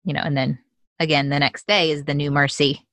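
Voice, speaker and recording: A woman's voice: deep voice, flat delivery, fairly quick, a bit bright, no room sound, clean studio sound. A woman hosting a faith podcast interview, affirming her guest with frequent agreement. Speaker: podcast host.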